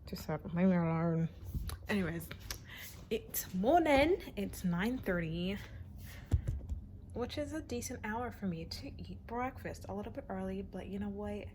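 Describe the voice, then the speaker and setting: A woman's voice: medium pitch, normal speed, noisy background. A young woman chatting casually in a home vlog, playful and self-teasing, recorded on her phone, sometimes dropping to a whisper. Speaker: vlogger.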